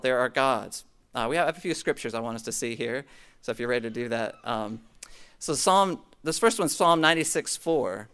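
A middle-aged pastor with a clear, resonant voice on the high side, a bit bright, preaches a conversational sermon from scripture. He often checks in with "okay?" and makes asides to the congregation.

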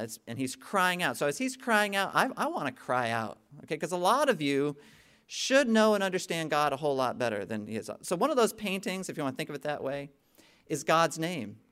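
A man's voice: fairly high pitch, sing-song, normal speed, fairly bright tone. A middle-aged man preaching a sermon in a conversational way. He keeps checking in with the congregation and builds to emphatic peaks. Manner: frequent "okay?" check-ins with the congregation. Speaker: pastor.

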